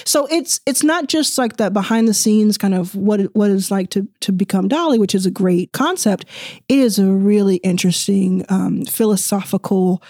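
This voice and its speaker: A woman's voice: medium pitch, moderate pace, warm tone, no echo, clean studio sound. Chatty, enthusiastic woman podcast host. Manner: chatty, enthusiastic, many restarts. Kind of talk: casual chat and self-read outro.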